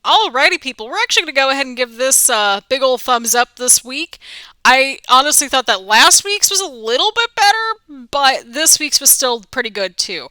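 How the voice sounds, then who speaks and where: A woman giving casual, excitable reaction commentary as a vlogger, gasping and crying out at big moments. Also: sits high, moderate pace, dry recording, soft background music, rough recording.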